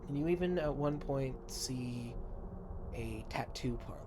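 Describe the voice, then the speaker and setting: A man narrating a tabletop game as game master in a relaxed, descriptive way, over a noisy background. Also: medium pitch, measured pace.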